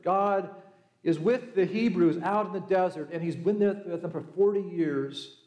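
A middle-aged man preaches to his congregation with a notably high, bright voice. He tells the story in a relaxed, conversational way and slips into the voices of the people in it. The church around him is roomy and echoing. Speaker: pastor. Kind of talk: sermon.

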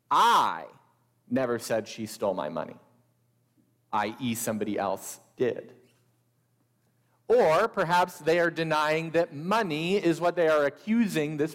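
A man preaching a sermon, deliberate and measured, with a few wry asides to the congregation. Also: on the high side, in a large hall. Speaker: pastor.

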